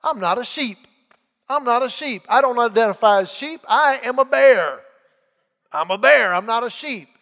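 A man voicing a stubborn, defiant sheep that loudly insists it is a bear, repeating himself indignantly. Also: sits high, moderate pace. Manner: loud, indignant, insistent repetition.

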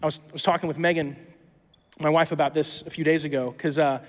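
A tired male pastor preaching a sermon in a conversational, animated way, often acting out imagined dialogues. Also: a little high, a little fast, in a large hall. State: tired from little sleep.

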